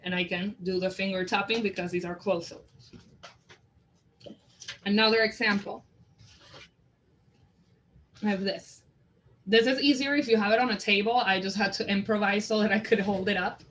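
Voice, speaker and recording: A woman training teachers in a literacy method, explaining it and sounding out example words slowly and deliberately. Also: medium pitch, a bit bright, low-quality recording. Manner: slow, deliberate word modeling. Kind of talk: instructional demonstration.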